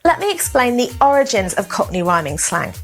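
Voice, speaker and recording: Woman, teacher, higher voice, measured explanatory delivery, soft music underneath. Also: very animated. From south of England. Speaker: English teacher. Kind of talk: scripted lesson to camera.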